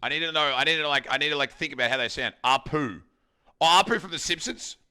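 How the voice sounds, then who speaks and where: Aussie male streamer, sharp bright voice, cooking at home, loose sweary banter with chat. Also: a little high, rapid-fire, smooth. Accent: Australian. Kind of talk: casual live-stream chat while cooking. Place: home kitchen.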